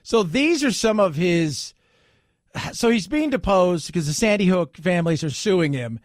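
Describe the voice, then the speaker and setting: A man's voice: high voice, lively intonation, unhurried, dry recording, studio quality. A man hosting a talk radio show, joking and sarcastic in a rambling commentary.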